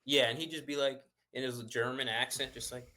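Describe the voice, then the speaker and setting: A man's voice: mid-range voice, steady tone, brisk, sharp tone. A man chatting casually as a guest, rambling with lots of "like" and "you know". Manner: rambling, many fillers and restarts. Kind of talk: casual chat.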